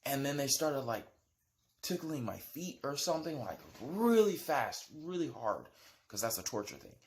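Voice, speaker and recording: A man casually retelling a dream in a rambling, animated way, with lots of "like" and "right?". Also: mid-range voice, moderate pace, a little hiss or hum. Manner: animated storytelling. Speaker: vlogger.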